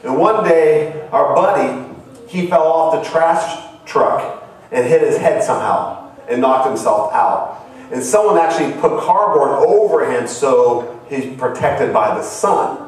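A man's voice: on the high side, expressive, a little slow, recorded from a distance. Earnest missionary man preaching in an echoey hall. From Ohio. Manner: earnest storytelling, rising to cries. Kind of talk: sermon. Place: church hall.

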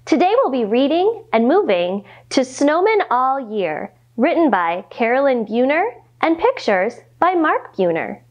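Young woman, kids' yoga teacher, high and sing-song, unhurried, cheerful coaching tone. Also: very animated, highs cut off. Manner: cheerful, encouraging, speaks to young kids. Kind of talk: guided yoga storytime for children.

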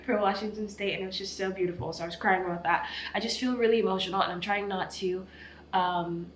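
A woman's voice: mid-range voice, fairly even intonation, fast talker, a little hiss or hum. A woman in her twenties, teary from crying, talking candidly and rambling in a self-mocking way to her vlog camera. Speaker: vlogger. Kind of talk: casual vlog talk to camera. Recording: echoey room.

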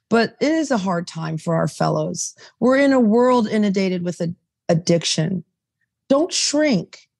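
A woman's voice: medium pitch, darkish tone, dry recording, clean studio sound. A woman podcast host and recovery sponsor, talking in a fired-up, digressive way, reading passages aloud and preaching. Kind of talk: casual recovery podcast chat.

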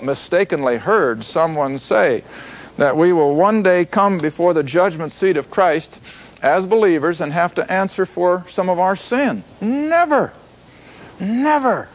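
An older man teaching a Bible lesson to a class, stressing key words slowly so they can write them down. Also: high voice. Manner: emphatic, repeats key words slowly for note-taking. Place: classroom with live audience.

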